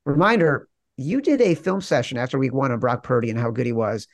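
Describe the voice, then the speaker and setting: A man's voice: medium pitch, lively intonation, no echo. A man hosting a sports betting podcast, upbeat and jokey, running through promos and banter. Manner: upbeat, jokey, quick ad reads. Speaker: podcast host.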